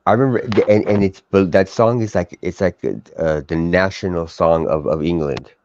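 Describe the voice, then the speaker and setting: A man's voice: low voice, fairly even intonation, normal speed, darkish tone, slight background noise. A man in casual, profane live-stream banter, rambling with lots of restarts and fillers. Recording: dull lo-fi stream audio.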